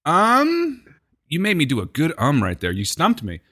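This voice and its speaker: A man's voice: on the high side, wildly swooping pitch, moderate pace, a bit bright. A man co-hosting a podcast, bantering in casual chat with dry teasing jokes. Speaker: podcast co-host.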